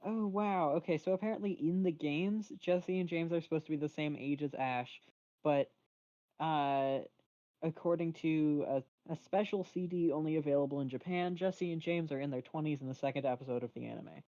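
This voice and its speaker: A young man trades deadpan jokes in a casual podcast chat. His mic sounds a little dull and lo-fi, and the sound is dry and close. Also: on the high side, moderate pace, no echo. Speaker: podcast co-host.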